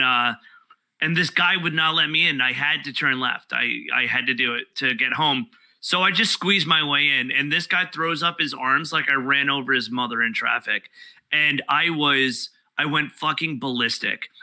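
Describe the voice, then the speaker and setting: A man, a guest comedian telling profane, animated stories in casual podcast chat. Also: on the high side, normal speed, rough recording. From New York.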